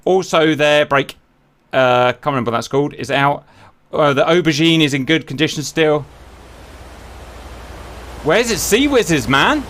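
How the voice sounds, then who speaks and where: A man with a fairly high voice gives lively, excitable commentary on a simulated naval battle from his home desk setup. His pitch jumps around wildly as he jokes, swears and talks straight to his viewers. A faint hiss sits under the recording. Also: a little slow, pauses often. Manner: animated, swears, jokey, addresses viewers.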